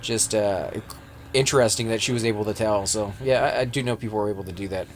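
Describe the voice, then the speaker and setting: A man's voice: lowish voice, fast talker, slight background noise. A man with a Texan accent, chatting casually with friends while streaming an online game, rambling and restarting his sentences. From Texas. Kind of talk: casual gaming chat.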